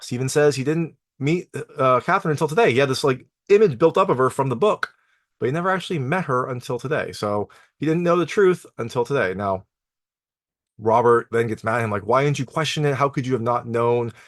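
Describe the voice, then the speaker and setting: Recapping an episode on his TV review channel, this male host speaks at a medium pitch with lively intonation and a brisk pace. His delivery is casual and conversational, full of "like" and "you know." Studio-clean audio, no echo at all.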